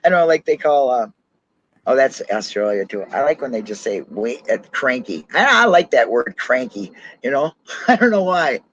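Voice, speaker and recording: A man with a Minnesotan accent in casual podcast chat, chatty, talking fast and laughing often. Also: medium pitch, sing-song, a bit bright, dry recording, lo-fi sound. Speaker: podcast co-host.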